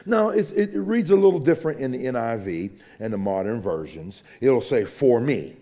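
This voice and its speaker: Male pastor, sermon, gravelly voice, mellow tone, dramatic shifts from loud to whispered. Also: mid-range voice, normal speed. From United States. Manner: animated preaching, swinging from loud emphasis to hushed whispers; joking asides.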